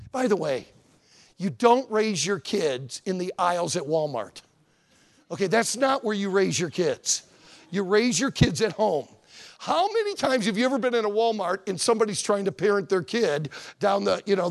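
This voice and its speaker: A man preaching a sermon as pastor, folksy and animated, with frequent conversational asides. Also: sits high, creaky.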